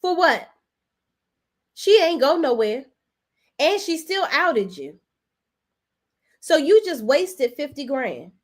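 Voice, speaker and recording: Woman doing a chatty soap recap live, talks right to her chat, casual and animated, black vibe. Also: high voice, slow pace, long pauses. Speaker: host.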